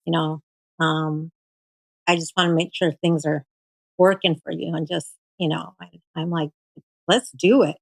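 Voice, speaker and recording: A woman with a somewhat low voice talks through her experience in a loose, conversational way. She is animated, leans on fillers, and slips into her doctors' words as she goes. The sound is dry and close. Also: unhurried, creaky, long pauses, dry recording, rough recording. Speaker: guest sharing her cancer story. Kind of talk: casual storytelling.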